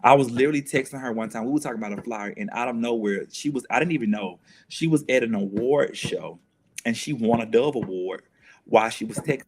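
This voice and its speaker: A man's voice: medium pitch, fast talker, darkish tone. Guy on a talk show, earnest and reflective, keeps repeating himself as he works it out. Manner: earnest, self-questioning, repeats phrases.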